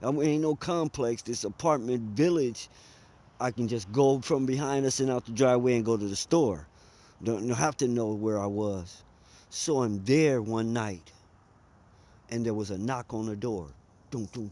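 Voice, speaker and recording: A man's voice: medium pitch, dark tone. A man, telling a personal story in a conversational, emphatic way. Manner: conversational, emphatic, drawls and speeds up.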